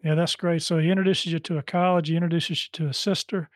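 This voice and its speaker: A man's voice: fairly high pitch, flat delivery, fast talker, dry recording. A man interviewing a guest in a conversational way, summarizing the guest's story and prompting questions with frequent fillers.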